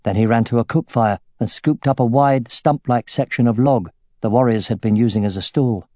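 A man narrating a fantasy audiobook in a measured, steady way. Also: mid-range voice, dry recording, clean studio sound.

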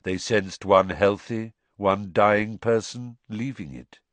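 A dazed young man, as a male narrator puts him on, speaking in a flat, expressionless monotone. The voice sits low and hollow, recorded dry and close. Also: a little slow, dry recording, natural voice.

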